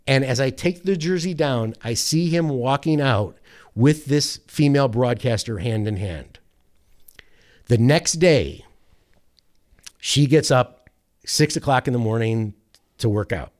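A man's voice: medium pitch, a little slow, long pauses. Man telling a rambling sports anecdote. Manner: rambling, animated anecdote with quoted voices and self-corrections. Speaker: sports radio producer, guest. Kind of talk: casual storytelling.

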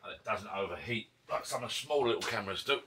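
Husky low-voiced Essex man chatting. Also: fast, sharp tone. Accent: Essex English. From Essex, England. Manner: rambling, chatty, self-interrupting. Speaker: vlogger. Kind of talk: casual chat over beers. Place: garden pub shed. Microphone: camera mic.

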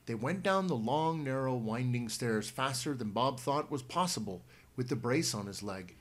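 A man reading a children's book aloud in a steady storytelling manner with small restarts. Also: medium pitch, normal speed, few pauses. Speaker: reader.

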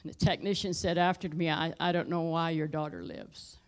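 A middle-aged woman pastor telling a personal story in a sermon, dropping her voice low for tense moments and rising loud for emphasis. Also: steady tone, a little fast. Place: church sanctuary.

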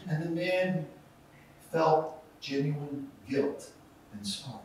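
A man preaches from the pulpit, telling a story with animated delivery. His voice sits a little high and comes from some distance, caught in a very echoey sanctuary with a faint hiss of noise underneath. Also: measured pace. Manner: storytelling with acted-out voices and rising intensity. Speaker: pastor. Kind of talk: sermon. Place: church sanctuary.

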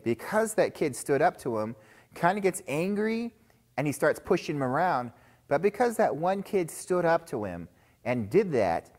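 A man's voice: a little high, darkish tone. A man giving a chapel sermon to school children, telling a story and often calling them guys. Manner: storytelling, addresses listeners as guys.

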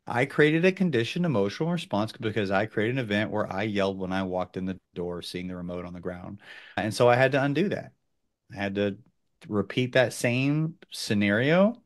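A lower-pitched man walks through dog training steps in relaxed, instructional talk. He is animated and jumps up into loud exclamations when he acts out a scene. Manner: animated, bursts into loud quoted outbursts.

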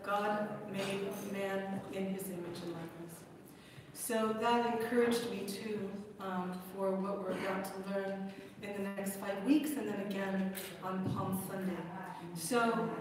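A woman hosting a parish event, introducing the speaker in a chatty way with many fillers. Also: medium pitch. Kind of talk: informal introduction. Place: large echoey church hall. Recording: echoey hall from far off, noisy.

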